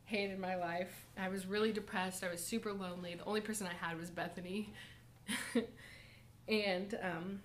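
A woman's voice: mid-range voice, fairly even intonation, a little hiss or hum. Young woman sharing a church testimony. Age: young adult. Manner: soft, halting, with many fillers and nervous laughs. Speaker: college group member giving a testimony and lesson. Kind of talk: personal testimony to a church group. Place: church college group gathering.

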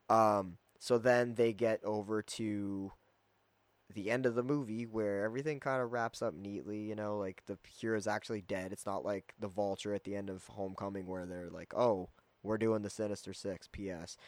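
A man giving a casual, rambling movie review, full of fillers and quick acted-out quotes. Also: on the low side, fairly even intonation, no echo. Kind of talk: casual spoken film review.

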